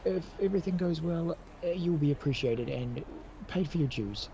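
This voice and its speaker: A man's voice: on the high side, expressive, normal speed, creaky, mellow, highs cut off, a little hiss or hum. Man playing an officious role-play character. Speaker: tabletop player.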